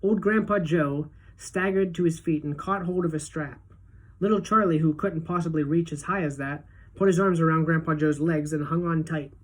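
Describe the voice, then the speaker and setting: A woman's voice: sits low, moderate pace. Woman reading a children's book aloud. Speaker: teacher.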